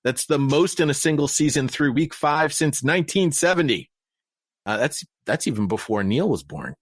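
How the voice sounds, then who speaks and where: Lively jokey American sports podcast host. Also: male voice, normal speed, no echo. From United States. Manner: jokey, reads stats off a sheet, often trails off lower. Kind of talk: casual sports podcast chat.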